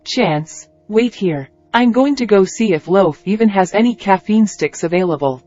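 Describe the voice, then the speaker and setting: A wary young rebel woman, as a male narrator puts her on in a high, strained voice, clipped and knowing. She sounds paranoid and guarded, on a slightly muffled, lo-fi recording. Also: lively intonation, normal speed, darkish tone, soft background music. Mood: impatient.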